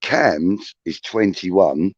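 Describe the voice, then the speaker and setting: A man's voice: low voice, extremely slow, darkish tone, husky, no room sound. A man near sixty with a Liverpool accent, hosting a casual video-call chat and telling a rambling, sweary story full of restarts. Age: 50s. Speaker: host. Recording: dull lo-fi sound.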